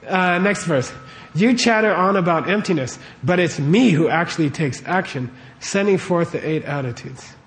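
A man with a fairly high voice teaches a Buddhist lesson in a casual, conversational way, often quizzing his audience and checking that they follow. A faint room ambience sits behind him. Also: animated, moderate pace, few pauses, a bit bright, slight background noise. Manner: conversational, questions the audience often, lots of okays. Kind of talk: casual dharma lecture to a live audience. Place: warm room with a live audience.

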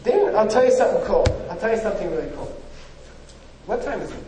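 A man's voice: high-pitched, lively intonation, fast, dark tone, slight background noise. A man giving an informal spiritual talk, chatty and full of rhetorical questions and "you know". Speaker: spiritual teacher. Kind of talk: informal lecture. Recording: echoey hall from far off.

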